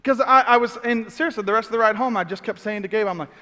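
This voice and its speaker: A middle-aged man preaching, telling a story with lively acted-out outbursts. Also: high voice, fast talker, in a large hall. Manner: animated storyteller, acts out shouts. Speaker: pastor. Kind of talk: sermon storytelling.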